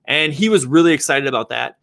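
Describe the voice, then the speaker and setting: A man who works as a real estate agent and developer, telling a personal story in an animated, conversational way. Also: medium pitch, fast, creaky.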